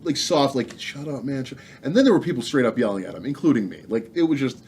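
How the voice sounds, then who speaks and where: Male comedian guest; mid pitch, emphatic, faint noise in the room. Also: sing-song, quick pace, darkish tone. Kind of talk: casual chat.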